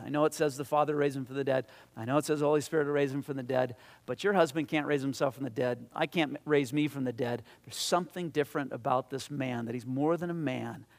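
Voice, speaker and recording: With a creaky, mid-range voice, a man who seems to be a pastor or Bible teacher tells a story to a midweek Bible study. His delivery is conversational, with repeated words, and he grows more emphatic as he drives his point home.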